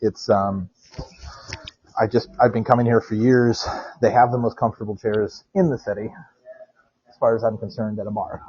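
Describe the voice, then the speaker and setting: A man's voice: fairly low pitch, fairly even intonation, normal speed, long pauses, a little mellow, husky. A man co-hosting a podcast by phone while walking into a bar, rambling and laughing as he tells stories. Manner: rambling storyteller, laughs often. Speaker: podcast co-host. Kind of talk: casual chat. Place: walking outdoors, then inside a quiet bar. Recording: dull lo-fi phone-call audio.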